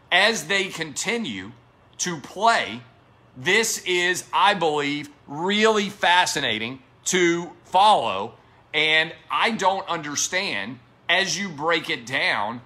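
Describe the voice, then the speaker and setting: Bright-voiced sports talk host. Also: male voice, high-pitched. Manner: emphatic, combative, repeats key points. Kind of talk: opinionated solo sports monologue.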